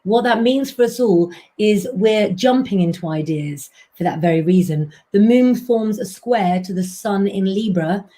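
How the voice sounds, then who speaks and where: Brief: woman, live-stream astrologer doing tarot readings, warm chatty delivery, talks straight to viewers. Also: medium pitch, animated, unhurried, hardly any pauses. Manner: chatty, keeps addressing viewers as "guys".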